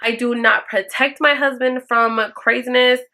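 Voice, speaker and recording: A woman's voice: on the high side, fairly even intonation, moderate pace, pushed and bright. A woman talking straight to her viewers, giving blunt, profane advice in a casual chat and acting out the lines she quotes. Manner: acts out quoted lines in a raised voice. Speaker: vlogger answering viewer questions.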